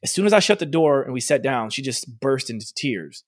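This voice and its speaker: A man's voice: mid-range voice, brisk, dry recording. A man who runs a fitness studio tells a personal story casually, with lots of "like" and acted-out dialogue. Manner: animated, acts out quoted dialogue, frequent "like". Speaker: fitness studio owner and trainer.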